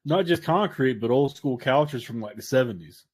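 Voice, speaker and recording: A man's voice: medium pitch, animated, normal speed, a little mellow, husky. A man hosting a casual talk with a guest, laid back and profane, laughing along with the stories. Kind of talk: casual chat.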